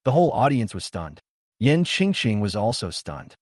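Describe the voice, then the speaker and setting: A man narrating a comic recap story in a steady, scripted storytelling way. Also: on the low side, moderate pace, no echo, clean studio sound.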